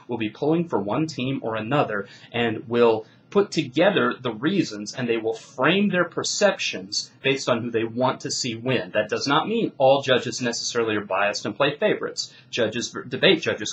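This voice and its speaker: A man's voice: mid-range voice, slight background noise, poor audio. A man coaching debaters, giving instruction in an emphatic, declarative way. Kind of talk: instructional talk.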